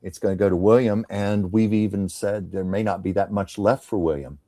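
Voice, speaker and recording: A man's voice: on the low side, steady tone, normal speed, dry recording, clean studio sound. A man hosting a casual tarot reading chat, conversational and musing. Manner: conversational, musing, drops to soft tones. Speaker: psychic tarot reader, host.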